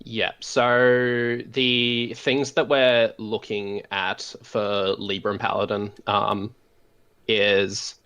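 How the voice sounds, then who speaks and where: An Australian man on a voice call, calmly explaining a card game in a measured way, with frequent "um" pauses. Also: on the low side, clean tone. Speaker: guest deck expert. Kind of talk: casual explanatory chat over voice call.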